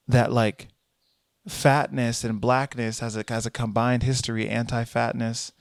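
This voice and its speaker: A man and comedian talking casually to his viewers in a rambling, animated monologue full of restarts. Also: medium pitch, vocal fry, no echo, studio quality. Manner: rambling, animated, self-correcting. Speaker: vlogger and comedian. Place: in transit, Boston.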